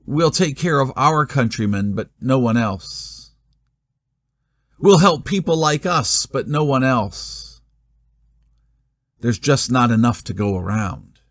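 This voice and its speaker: Slow, expressive man preaching dryly. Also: fairly high pitch, dry recording, clean studio sound. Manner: expressive preaching with rhetorical questions and dramatic pauses. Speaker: pastor. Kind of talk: sermon.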